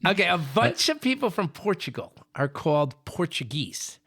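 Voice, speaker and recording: A man with a gravelly, fairly high voice tells rambling jokes on a casual podcast, and his pitch swings all over as he goes. His delivery is self-amused, and the recording is close and dry. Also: big pitch swings, moderate pace, fairly bright tone, no room sound. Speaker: podcast co-host, joke teller.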